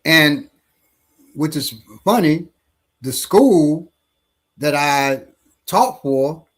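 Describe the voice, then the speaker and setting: A man, a martial arts instructor, telling a story in casual talk, halting and restarting often. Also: a little high, lively intonation. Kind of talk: casual storytelling in a panel discussion.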